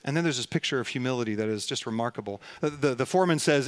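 A man's voice: fairly high pitch, fast talker, few pauses, no room sound. A man preaching a sermon, retelling a scripture story and acting out the lines of its characters. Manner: storytelling preacher, acts out quoted dialogue. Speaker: pastor.

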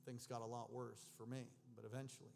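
A man's voice: mid-range voice, flat delivery, a little fast, vocal fry, a little mellow, faint music behind. A man preaching a personal testimony in church, earnest and emotional. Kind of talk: sermon testimony.

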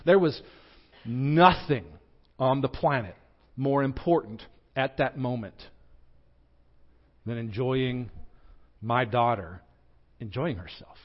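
A young adult pastor with a Southern American accent preaches a sermon, earnestly telling a personal story as his pitch and loudness rise and fall. He speaks slowly with frequent pauses, and the sound is lo-fi.

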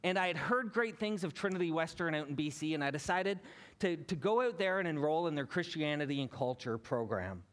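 A Canadian man in his thirties, a pastor giving a sermon in a relaxed, storytelling way. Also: on the high side, fairly quick. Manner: conversational, anecdotal, building to a lesson.

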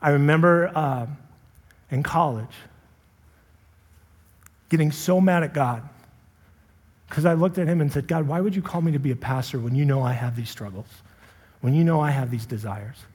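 A man's voice: fairly high pitch, moderate pace, long pauses, slightly rough. A young adult man preaching a sermon as a pastor, earnest and confessional. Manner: earnest, rises to impassioned shouting when retelling his anger. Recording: long reverb in a large hall.

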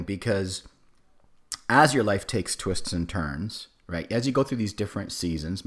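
A man in his forties with a cold, giving a casual sermon as a pastor, with many fillers and restarts. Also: sits low. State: has a cold.

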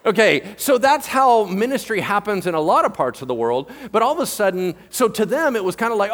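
Male pastor, sermon, playful and animated, higher voice, reverberant church hall. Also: brisk, few pauses. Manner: animated, joking, asks the room questions.

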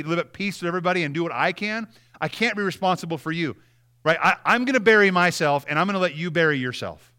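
A young man preaching a sermon in a conversational way, dropping into soft, quiet voices when acting out apologies. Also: fairly high pitch. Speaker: pastor.

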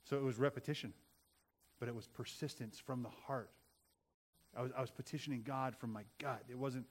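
Middle-aged guy preaching, earnest, keeps repeating lines for emphasis, gets loud at the peaks. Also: mid-range voice, fairly even intonation, a little fast. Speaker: pastor. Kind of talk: sermon.

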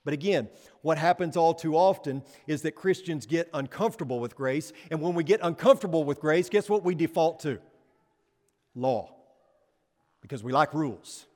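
A man preaching a sermon to a congregation, emphatic, pressing rhetorical questions and swinging between soft and loud. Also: fairly high pitch. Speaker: pastor. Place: church sanctuary. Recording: long hall reverb.

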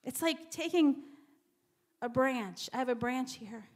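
Woman preacher, high-pitched, delivering a church sermon; stammers into repeats, drops to whispers for emphasis. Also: unhurried.

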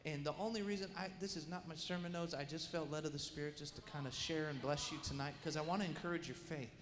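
A middle-aged man preaching a sermon and telling a story with lively acted-out voices and sound effects. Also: a little high, quick pace, crowd noise. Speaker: guest preacher. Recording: echoey hall with faint room noise.

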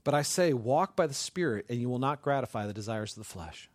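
A middle-aged male pastor preaching a sermon with passion, building to near-shouts and often restarting his sentences. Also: medium pitch, lively intonation, fairly quick, no room sound, clean studio sound.

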